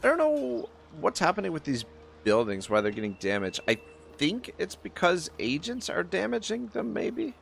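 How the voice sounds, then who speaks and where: A man's voice: high-pitched, wildly swooping pitch, normal speed, vocal fry, a little hiss or hum. A man from Nova Scotia with a Canadian accent, chatting rambly through a live game stream and reading chat messages aloud. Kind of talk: casual live-stream gameplay commentary. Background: faint game music.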